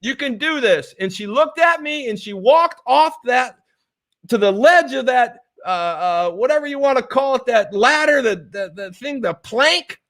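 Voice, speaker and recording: A middle-aged man giving a motivational talk, telling a personal story in an animated, emotional way and often restarting his phrases. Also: extremely high pitch, a little slow. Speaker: motivational speaker and author.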